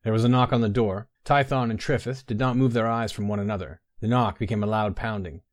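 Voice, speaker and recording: A man narrating a fantasy story in a measured, even storytelling manner. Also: fairly low pitch, no room sound, studio quality.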